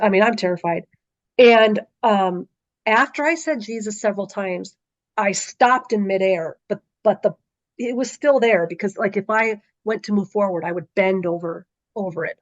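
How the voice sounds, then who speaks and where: A woman's voice: mid-range voice, dry recording, highs cut off. Middle-aged woman telling a vivid story. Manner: vivid storytelling with frequent "like" and "um" fillers. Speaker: podcast guest, author and speaker. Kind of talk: recounting a dream in conversation.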